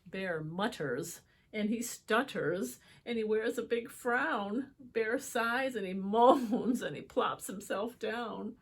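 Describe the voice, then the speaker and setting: A woman reading picture books aloud to children, expressive, with chatty asides to her young viewers. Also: medium pitch, slow, husky. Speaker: children's book reader. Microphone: holds book up to camera.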